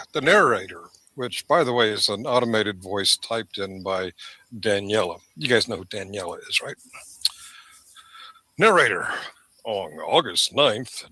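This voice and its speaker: A man's voice: fairly low pitch, sharp tone, no room sound. A man hosting a live stream, with rambling, sarcastic commentary into a desk microphone. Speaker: stream host.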